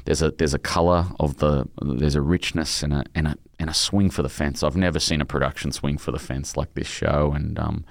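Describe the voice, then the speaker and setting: Deep-voiced Australian man telling stories. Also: level tone, a little fast, gravelly, few pauses, dry recording, clean studio sound. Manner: rambling, emotional storytelling with many restarts. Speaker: author being interviewed. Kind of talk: casual interview chat.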